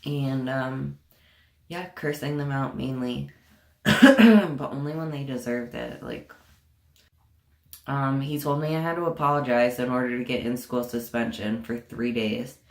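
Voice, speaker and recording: A woman's voice: rumbling low, unhurried. A young woman telling a storytime vlog in a casual, profane and indignant way, full of sarcasm. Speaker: vlogger. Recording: echoey room.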